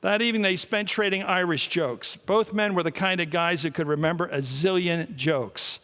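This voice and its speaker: A man in his sixties giving a public lecture, telling stories and jokes in an animated way. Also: sits high, normal speed. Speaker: guest speaker. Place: large hall. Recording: long reverb of a large hall.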